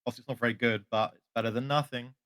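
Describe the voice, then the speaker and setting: A man's voice: mid-range voice, steady tone, very fast, fairly bright tone, no echo, clean studio sound. A man playing a tabletop game, talking casually and hesitantly as he thinks aloud. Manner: hesitant, full of ums and restarts. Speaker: player. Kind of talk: casual tabletop role-play chat.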